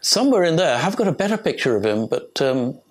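A man's voice: a little high, big pitch swings, fast talker. An older man from England, an archaeologist giving an informal illustrated talk, rambling and chatty with many fillers and restarts.

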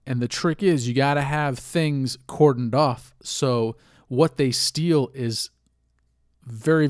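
A man's voice: mid-range voice, darkish tone, dry recording. Candid, swearing man hosting a dry solo podcast. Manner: rambling, candid, swears freely, laughs at himself. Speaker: podcast host. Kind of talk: casual solo podcast monologue.

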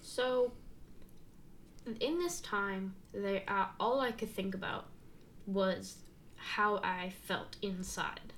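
A young woman talks openly in a relaxed, halting way, with frequent fillers and restarts. Her pitch sits mid-range. A faint noise floor lies under the recording. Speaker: guest sharing her story. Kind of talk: candid casual conversation.

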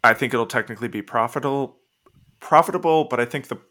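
A man's voice: medium pitch, fairly even intonation, rapid-fire, sharp tone. A man co-hosting a casual podcast, reasoning aloud hesitantly with frequent restarts. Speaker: podcast co-host.

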